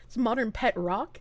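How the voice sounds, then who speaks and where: High-voiced woman streamer ranting. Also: no echo. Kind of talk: live-stream rant.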